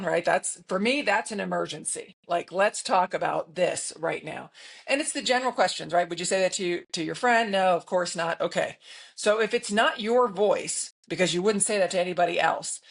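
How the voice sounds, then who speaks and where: A woman in her fifties, a broadcaster guest on a podcast, telling stories in a lively, emphatic way and often checking in with "right?". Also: lowish voice, moderate pace, gravelly. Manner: lively storyteller, emphatic, frequent "right?" tags. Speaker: guest, broadcaster and keynote speaker. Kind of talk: conversational podcast interview.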